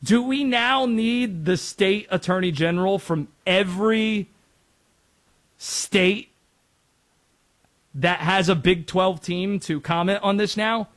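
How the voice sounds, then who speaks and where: A man's voice: sits high, slow pace, pauses often. A man from North Carolina hosting a casual sports talk show, joking and telling stories. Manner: animated, jokey, quotes and impressions. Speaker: sports radio host.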